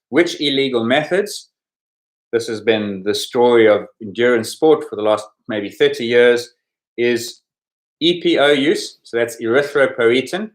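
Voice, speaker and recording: A man with a mid-range pitch hosts a sports quiz podcast, talking into a podcast microphone like a quizmaster. He explains the answers in a relaxed way as casual quiz commentary, tossing in chatty asides.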